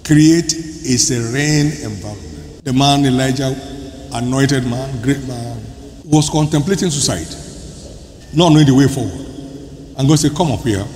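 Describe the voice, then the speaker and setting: A man preaching a sermon as pastor, emphatic, with sudden loud bursts and soft drops. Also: medium pitch, a little slow. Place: large church hall. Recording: large hall, reverberant, faint room noise.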